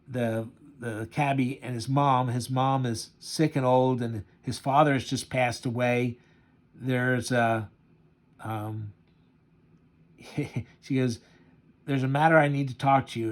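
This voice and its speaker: Man, casual comic reviewer, halting and chuckling, mid pitch. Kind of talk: casual commentary.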